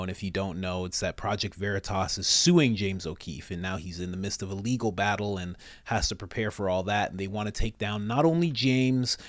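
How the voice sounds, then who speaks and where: A man with a lowish voice talks straight into a dry, close recording with no room sound. He hosts a casual commentary video in an earnest tone and keeps plugging his own merch store. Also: dry recording. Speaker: commentary channel host.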